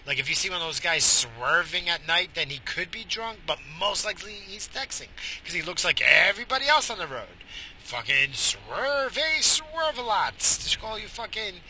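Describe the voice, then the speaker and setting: A man's voice: on the high side, creaky, sharp tone, slight background noise. A man podcasting while he drives, rambling crudely and profanely into a head-mounted mic. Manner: profane, rambling, mock-theatrical. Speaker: podcast host. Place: car, driving.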